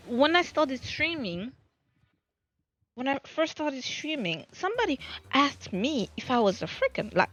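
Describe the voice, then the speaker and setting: Her voice is high and a bit bright. This French Caribbean streamer speaks with a Creole accent, chatting casually and self-deprecatingly, meandering and restarting often, all captured in dull, lo-fi stream sound.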